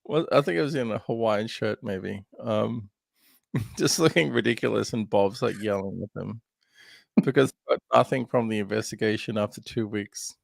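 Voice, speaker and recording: A man's voice: lowish voice, normal speed, gravelly, no echo, clean studio sound. A man hosting a podcast, chatting casually about a film with lots of laughs and fillers. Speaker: podcast host.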